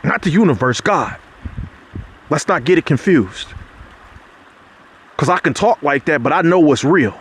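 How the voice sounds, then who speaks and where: A man giving an impassioned spiritual talk, loose and conversational, with slang and restarts. He climbs sharply in pitch whenever he drives a point home. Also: expressive, unhurried, long pauses, fairly bright tone, a little hiss or hum. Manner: preachy, rises sharply in pitch when making a point. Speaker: motivational speaker.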